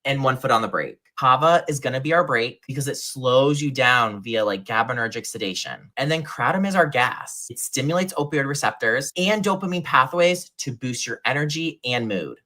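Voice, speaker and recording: A speaker giving a brisk, informal explanation in an explainer video. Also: mid-range voice, bright, forceful tone.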